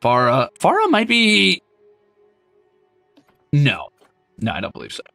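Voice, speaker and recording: A male streamer in casual livestream chat, his voice gravelly and bright-edged, swinging widely up and down in pitch. He is playful and animated, breaking into squeals and mock scolding and swearing casually. The sound is dry and close. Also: takes it slowly, no room sound, soft background music.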